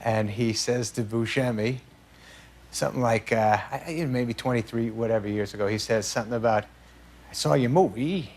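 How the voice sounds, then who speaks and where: A man telling a halting anecdote as a talk show guest, laughing and restarting as he goes. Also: lowish voice, fairly even intonation, slight background noise.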